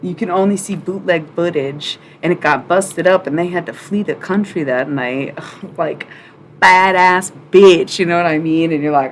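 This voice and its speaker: A young woman reading oracle cards on a live stream, chatting casually with viewers, swearing freely and breaking into loud bursts of excitement. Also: fairly low pitch, moderate pace, a little hiss or hum. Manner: chatty, profane, full of "like" fillers.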